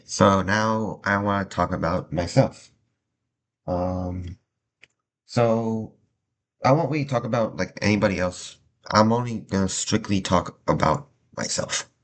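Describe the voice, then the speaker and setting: A young man talking earnestly to the camera from a small room, halting, restarting and repeating himself. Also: sits low, lively intonation, a bit bright. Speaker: vlogger. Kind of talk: personal talk to camera. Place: small room indoors, adjusting his lighting.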